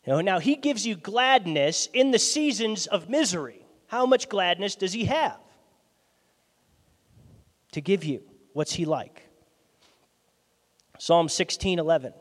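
A male pastor preaching a sermon in a lively, conversational way, his loudness swinging from soft asides to sudden bursts. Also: sits high, unhurried, long pauses. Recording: long hall reverb.

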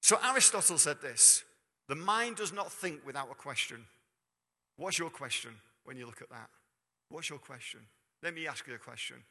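The sermon comes from a male preacher at a moderate pace, his voice ringing, sharply bright, and a bit high, with lively intonation. He chats with the congregation by throwing out questions, and a church hall's long reverb holds each phrase.

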